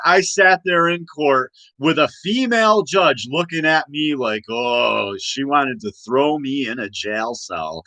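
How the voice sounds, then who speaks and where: A man's voice: a little high, pushed and bright, dry recording, low-quality recording. Agitated rambling man ranting. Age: 40s. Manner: rambling, repetitive, agitated, many restarts. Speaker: host. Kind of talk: late-night ranting monologue.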